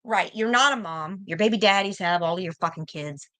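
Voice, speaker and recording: A woman's voice: fairly low pitch, a little fast, pushed and bright. A young American woman arguing heatedly on a livestream, confrontational and profane, hammering her points by repeating them. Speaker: livestream guest.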